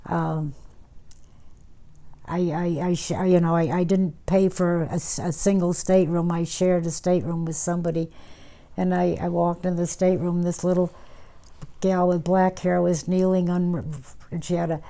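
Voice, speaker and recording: A woman's voice: lowish voice, flat delivery, moderate pace, dark tone. An older woman recalling her years as a nurse in an oral history interview, talking in a rambling way with many fillers and restarts. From United States.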